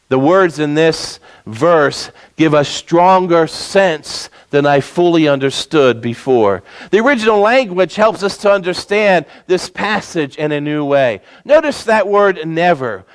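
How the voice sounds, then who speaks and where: A pastor preaching a sermon in a notably high voice for a man. He slows down and presses on key words for emphasis, speaking as though to his congregation. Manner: preaching with emphatic, slowed-down stresses.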